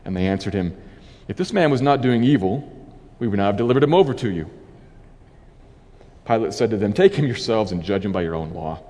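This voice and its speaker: A man preacher reading a scripture passage aloud and then explaining it as a sermon, in a measured, dramatic voice. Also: on the low side, lively intonation, mellow, in a large hall.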